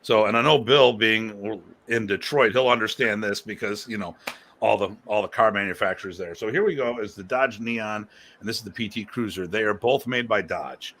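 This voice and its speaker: A man's voice: lowish voice, normal speed, fairly bright tone. A man hosting a casual live-stream discussion as a martial arts instructor, rambling and emphatic, prone to launching into rants.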